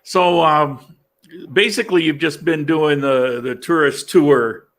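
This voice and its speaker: A man's voice: fairly high pitch, slow, a bit bright. A man hosting a casual chat, teasing his guest and laughing often. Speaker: host.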